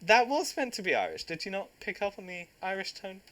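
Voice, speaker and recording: A young man, hosting a casual podcast chat, jokey and quick to laugh. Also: sits high, very animated, fairly bright tone. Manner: jokey, teasing, laughs often. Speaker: podcast host.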